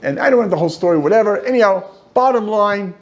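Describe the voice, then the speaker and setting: Animated, joking rabbi teaching a class. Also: male voice, sits high, quick pace, lo-fi sound. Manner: animated, joking storyteller with asides. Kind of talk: informal lecture. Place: study hall.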